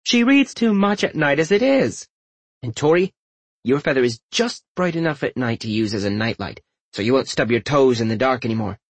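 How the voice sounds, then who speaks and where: A man voicing a calm, firm adult woman, a mother in an audiobook, speaking in an even, measured way. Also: medium pitch, dry recording, lightly acted.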